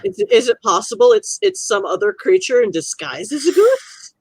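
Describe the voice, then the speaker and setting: A woman's voice: mid-range voice, big pitch swings, moderate pace, a little mellow, slightly rough, dry recording. A woman playing a tabletop role-playing game, asking questions in an inquisitive way and often restarting her words.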